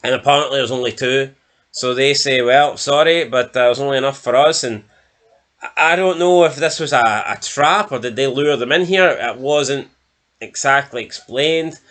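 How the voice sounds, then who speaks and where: A man's voice: mid-range voice, moderate pace, fairly bright tone. A Scottish man giving a blunt, sweary, mocking TV review in casual chat. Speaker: show reviewer.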